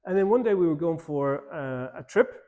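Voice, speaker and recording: A man with an Irish accent, a pastor telling a personal story in a church seminar talk, in an informal, animated way. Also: fairly high pitch, normal speed. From Ireland.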